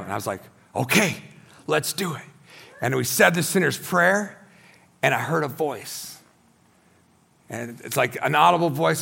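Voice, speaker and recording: On a church stage before a congregation, a pastor in his forties gives his testimony as a sermon, his voice marked by vocal fry and a breathy edge. He tells his story excitedly, shouting at the high points.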